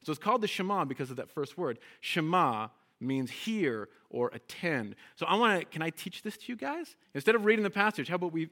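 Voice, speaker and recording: A guest Hebrew teacher, a man with a high, lively, bright voice, leads a congregation through a call-and-response lesson, often checking in with "okay?" and "right?". He speaks a little fast and pushed, with few pauses.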